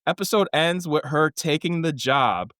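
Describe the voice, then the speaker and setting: Male podcast co-host, fairly high voice, animated profane storyteller. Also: measured pace, no room sound, clean studio sound. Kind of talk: casual chat recapping a show.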